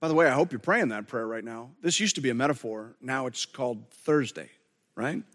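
A man's voice: mid-range voice, a little fast, a bit bright. Earnest man preaching in a reverberant hall. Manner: earnest, conversational preaching with repeated restarts. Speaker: pastor. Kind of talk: sermon.

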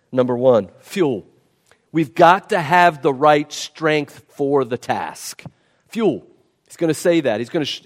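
A man preaching a sermon, emphatic and repeating key words for stress. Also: mid-range voice. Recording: long reverb of a large hall.

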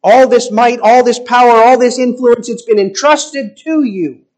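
High-voiced man preaching a sermon. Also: darkish tone. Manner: emphatic, rhetorical preaching with pauses.

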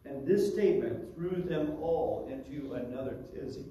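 A man with a fairly high voice preaches through a scripture passage, stopping often for asides. He sounds distant from the mic in a very echoey room. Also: normal speed, few pauses, warm tone. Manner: teaching verse by verse with asides. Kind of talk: expository sermon.

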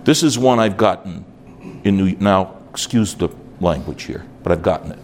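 An older man from New York preaching at a conference, animated, acting out little dialogues and dropping in asides. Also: sits low, moderate pace, slight background noise. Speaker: conference speaker. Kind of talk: conference sermon.

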